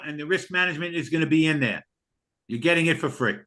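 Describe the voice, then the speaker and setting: This trading educator talks fast in a slightly high, somewhat bright voice while selling his course live online. Earnest and visibly emotional, he keeps circling back to the same points.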